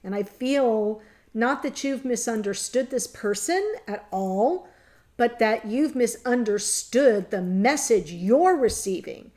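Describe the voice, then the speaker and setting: A woman's voice: on the high side, takes it slowly, dark tone. Earnest woman reading tarot to viewers. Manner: earnest, emotional, talks directly to viewers. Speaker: tarot reader. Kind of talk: casual tarot reading to camera.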